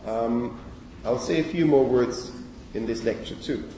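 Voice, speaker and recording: A man lectures at a university at a measured pace, his medium-pitched voice mellow. He thinks aloud, using frequent okays and fillers and correcting himself as he goes. The recording, made from far off in an echoey lecture hall, has slight background noise.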